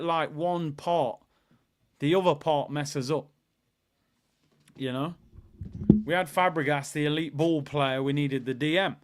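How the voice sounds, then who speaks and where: A young man hosting a live football watchalong, chatty and excitable, bursting into shouts at big moments. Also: a little high.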